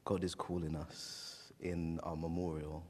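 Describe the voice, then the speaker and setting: A man preaching a sermon, telling a personal story in a halting, emotional way, recorded in a church. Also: sits low, flat delivery, darkish tone, slightly rough, big-room sound. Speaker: pastor.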